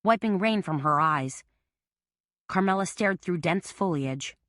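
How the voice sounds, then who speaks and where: Bright, dry-voiced woman narrator. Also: on the low side, lively intonation, a little slow, no echo. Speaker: audiobook narrator. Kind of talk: scripted narration.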